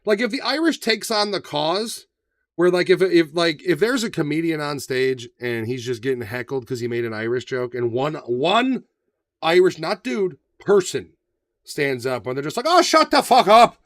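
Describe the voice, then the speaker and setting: A man co-hosting a podcast, chatting casually, profane and animated, often acting out voices. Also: a little high, normal speed, dry recording, clean studio sound. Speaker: podcast co-host. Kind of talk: casual banter.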